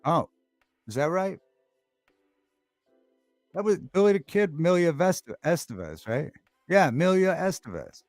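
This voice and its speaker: A man's voice: on the high side, sing-song, measured pace, pauses often, a little mellow, no echo, faint music behind. A man hosting a livestream talk show, chatting casually, reading the chat aloud and repeating favorite movie lines with relish.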